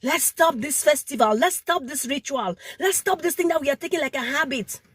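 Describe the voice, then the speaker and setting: Impassioned high-voiced woman. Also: expressive, brisk, no room sound, clean studio sound. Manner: emphatic, repeats phrases, stumbles over words. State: sweating in the heat. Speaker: vlogger. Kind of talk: impassioned direct-to-camera appeal.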